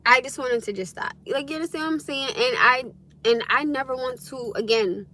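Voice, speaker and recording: A woman with a high, bright, forceful voice speaks straight to her livestream viewers. She is blunt and animated and swears freely, sounding frank and unfiltered. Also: brisk. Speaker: livestream host. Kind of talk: casual livestream venting to viewers.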